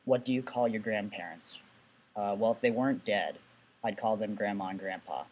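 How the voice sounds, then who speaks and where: A man's voice: on the low side, normal speed, a little mellow. Young man with a Southern New England accent. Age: young adult. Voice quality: glottal stops on T sounds. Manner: sardonic, dry complaints. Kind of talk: casual vlog answering questions.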